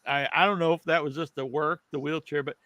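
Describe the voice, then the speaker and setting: A man co-hosting a podcast who tells a rambling, animated story in a casual chat. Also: fairly high pitch, fast talker, no echo. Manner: animated, rambling, restarts often. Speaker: podcast co-host.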